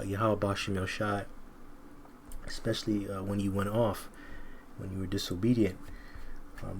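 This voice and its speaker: A man's voice: lowish voice, darkish tone, a little hiss or hum. A man teaching scripture informally, reading verses aloud and commenting bluntly in casual slang.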